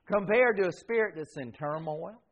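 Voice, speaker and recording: A man preaching a sermon as pastor, swinging between loud emphasis and soft, quiet passages. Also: sits high, moderate pace. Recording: dull lo-fi sound.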